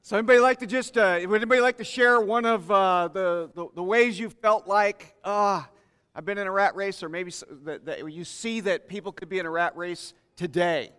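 A man's voice: high-pitched, moderate pace, fairly bright tone, smooth. A man preaching a sermon in a conversational way, inviting the congregation to share their thoughts. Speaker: pastor. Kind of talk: interactive sermon. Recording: long hall reverb.

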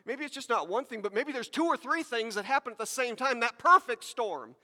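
A man's voice: very high-pitched, lively intonation, fairly quick, bright, forceful tone, big-room sound. A man preaching a sermon to his congregation, talking conversationally with repeated words and asides. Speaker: pastor.

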